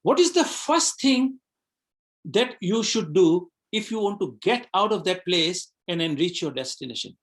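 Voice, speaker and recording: Hosting a live coaching webinar, a man with a high, expressive voice speaks at a measured pace, reflecting aloud, questioning his audience and often repeating himself.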